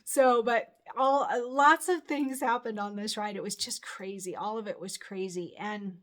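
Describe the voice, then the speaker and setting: Unhurried and a bit bright, this mid-range female voice belongs to a middle-aged channel host. She tells a personal story in a chatty, meandering way, full of fillers and false starts.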